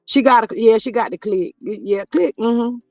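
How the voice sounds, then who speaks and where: A man's voice: very high voice, moderate pace, no room sound, highs cut off, faint music behind. A man hosting a casual gossip livestream, chatting to viewers and reading their comments aloud. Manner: chatty, reads viewer comments aloud, drawling asides to chat. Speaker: livestream host.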